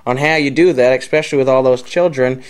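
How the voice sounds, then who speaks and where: A man's voice: medium pitch, fast, clear, resonant tone. Casual young man asking questions. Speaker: interviewer, grandson.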